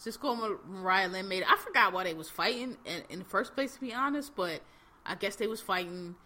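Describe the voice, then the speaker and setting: A woman with a bright, clear-toned voice hosts a casual podcast. She talks bluntly in loose, slang-heavy speech. She is full of fillers and easy laughter. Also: mid-range voice, animated, fairly quick. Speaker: podcast host. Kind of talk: casual chat recapping reality TV.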